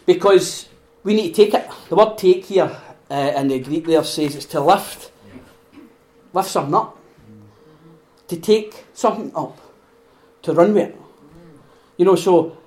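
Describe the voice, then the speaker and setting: A Scottish man hosting a podcast and preaching in a conversational way, animated, laughing often and acting out voices. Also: sits high, unhurried, pauses often. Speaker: podcast host.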